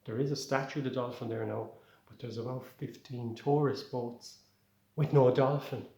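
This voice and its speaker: A man's voice: medium pitch, fairly even intonation, moderate pace, gravelly, mellow, roomy sound. An Irish man doing a rambling, conversational stand-up set. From Ireland. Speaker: stand-up comedian.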